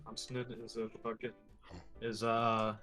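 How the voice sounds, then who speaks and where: A man's voice: mid-range voice, unhurried, soft background music. A man co-hosting a live stream, chatting and joking in a casual way. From United States. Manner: animated, joking.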